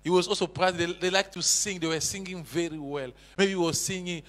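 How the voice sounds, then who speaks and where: A man preaching a sermon, with impassioned swings between loud exhortation and hushed intensity. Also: a little high, steady tone, normal speed, hardly any pauses. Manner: non-native English with broken grammar. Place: church hall. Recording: echoey church hall.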